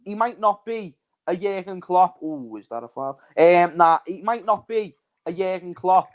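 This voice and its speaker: A man's voice: high-pitched, animated, unhurried. Chatty Scouse man, laddish and emphatic. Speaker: guest streamer.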